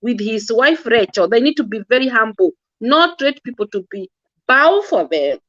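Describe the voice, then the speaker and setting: A woman's voice: fairly high pitch, lively intonation, normal speed, a bit bright, no echo, muffled recording. A woman giving impassioned religious-political commentary, earnest and scolding, often repeating and stumbling over words. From Kenya.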